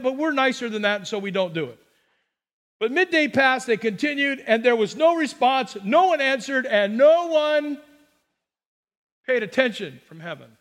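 A man's voice: extremely high pitch, moderate pace, long reverb tail. A man preaching a sermon as pastor, telling the story with jokes and acted-out quotes. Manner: animated storytelling, jokey asides and acted-out quotes.

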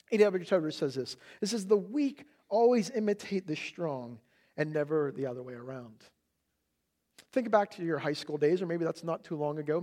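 A middle-aged male pastor giving a sermon and telling a lively family story, loudly acting out his small son's shouts. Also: fairly high pitch.

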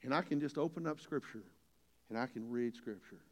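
A man's voice: medium pitch, brisk. An older man preaching a sermon as a pastor, folksy and earnest, building to emphatic points. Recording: long hall reverb.

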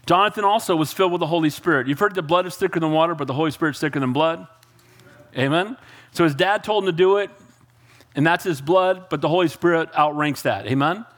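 A man with a high-pitched voice teaches a Bible passage in a relaxed, conversational sermon. He speaks casually and keeps checking in with his listeners. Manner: casual, keeps asking the congregation "Amen?". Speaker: pastor.

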